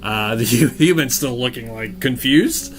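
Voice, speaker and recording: A man's voice: mid-range voice, measured pace. A man narrating as game master of a tabletop game, loose and chuckling as he describes the scene.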